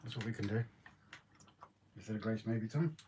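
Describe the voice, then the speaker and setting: A man's voice: fairly low pitch, moderate pace, background noise. Jokey man bantering. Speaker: co-host. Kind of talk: casual live-stream chat.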